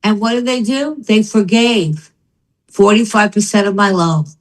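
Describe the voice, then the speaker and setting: Captured on low-quality audio, an older woman with a medium-pitched voice talks a little slowly as a guest in relaxed conversation. She tells her story animatedly, playing out each person she quotes.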